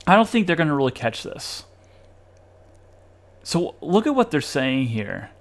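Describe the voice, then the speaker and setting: A man hosting a podcast, reading passages aloud and commenting in an animated, sarcastic way with occasional laughs. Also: on the high side, unhurried. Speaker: podcast host reviewing a study article.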